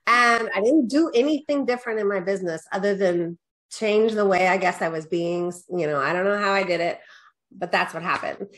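A middle-aged woman, a guest business coach, telling her story casually in an interview and acting out her own past lines. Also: fairly quick. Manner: animated storyteller, quotes herself with rising pitch; peppers talk with "right?" and "da, da, da".

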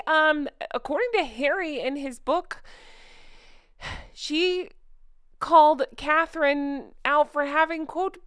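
A woman's voice: sits high, animated, takes it slowly, fairly bright tone, no room sound, clean studio sound. A woman hosting a commentary vlog, sarcastic and scornful, laughing often. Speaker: royal commentary channel host.

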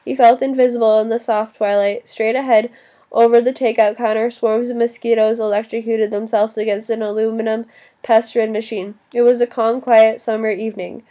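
A woman narrating an audiobook in an even, steady reading voice. Her pitch sits somewhat high, but the tone is dark and mellow. She now and then restarts a word. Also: normal speed. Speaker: audiobook reader.

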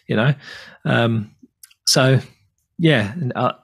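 A man's voice: medium pitch, moderate pace, slightly rough. A British man co-hosting a podcast, talking in a chatty, rambling way and laughing easily. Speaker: podcast co-host. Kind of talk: casual chat.

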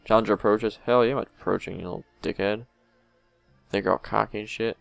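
Crude excitable young man gaming. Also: lowish voice, a little fast, gravelly, no echo, soft background music. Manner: crude, excitable, talking to the game. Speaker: gamer. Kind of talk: let's play commentary.

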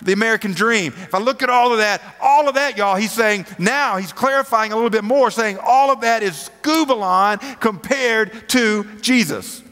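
With a twang and a noticeably high, sharp-toned voice, a male preacher gives a relaxed, conversational sermon at a moderate pace with few pauses. He reads from scripture and tosses casual rhetorical questions to the congregation, his words echoing through the long reverb of a large worship hall.

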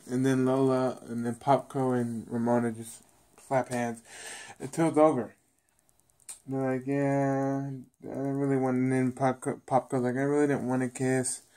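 Man, casual rambling recap, repeats himself, mid-pitched voice. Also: darkish tone. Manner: rambling, repeats himself, acts out characters' lines. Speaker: TV episode reviewer.

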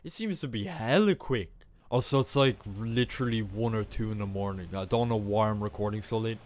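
Excitable young man narrating his gameplay. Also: on the low side, fairly quick. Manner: excitable, self-mocking, exclaims often. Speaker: gaming YouTuber. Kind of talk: casual gameplay commentary.

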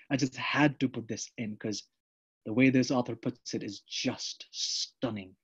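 Preacher, male, husky, mid-high voice, fervent and repetitive, dull lo-fi capture. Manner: fervent, repeats lines, addresses listeners as friends. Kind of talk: sermon.

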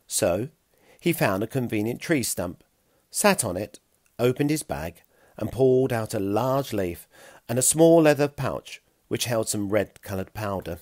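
Expressive man reading a children's story. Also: lowish voice, unhurried, no room sound, clean studio sound. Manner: expressive, playful. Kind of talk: children's audiobook narration.

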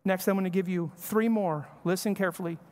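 A man's voice: sits high, fairly even intonation, fairly quick, a little mellow. Man preaching in a reverberant church. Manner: conversational preaching with acted-out family dialogue. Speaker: pastor. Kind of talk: sermon. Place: church sanctuary.

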